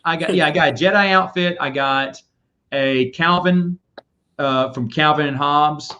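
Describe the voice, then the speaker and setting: A man hosting a casual chat, telling rambling, animated stories. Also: fairly high pitch, unhurried. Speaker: podcast host. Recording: dull lo-fi audio.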